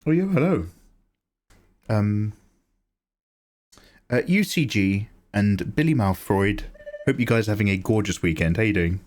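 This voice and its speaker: A man talks through a drawing livestream in a loose, joking way, drifting from one aside to the next. His pitch rises and falls a great deal, so even small remarks sound animated. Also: a little slow, long pauses. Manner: chatty, joking, rambling asides. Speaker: art streamer. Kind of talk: casual livestream chat while drawing.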